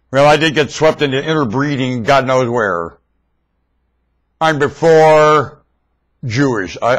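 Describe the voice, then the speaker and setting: A man recorded on a webcam mic at home, rambling in a monologue that swings between loud outbursts and mumbling. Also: medium pitch.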